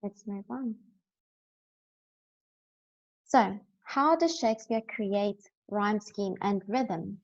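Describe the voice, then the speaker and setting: Woman teacher, patient explanations, mid-pitched voice, dull lo-fi sound. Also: takes it slowly. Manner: patient, explanatory, checks in with "right?". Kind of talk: recorded classroom lesson.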